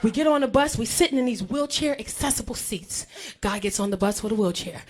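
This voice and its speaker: Woman, mother, comic storytelling, animated, high pitched. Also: brisk, husky. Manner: animated, acts out her child's voice.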